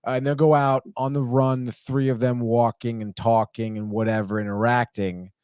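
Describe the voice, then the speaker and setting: A man's voice: mid-range voice, little pitch movement, normal speed, darkish tone, smooth, dry recording. Man, podcast host, rambling recap, profane, keeps saying dude, dry sound. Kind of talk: casual TV episode recap.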